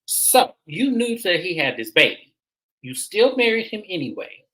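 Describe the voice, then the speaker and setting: Recap host, bright tone, emphatic, opinionated, casual commentary. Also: mid-range voice, sing-song, moderate pace, poor audio. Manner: emphatic, opinionated, repeats points for effect. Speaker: reality show recap host.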